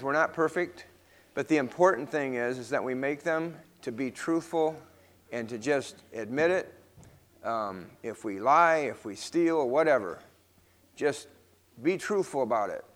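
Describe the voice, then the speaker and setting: A man reading a moral story aloud to children in church, then giving a gentle lesson. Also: mid-range voice, in a large hall.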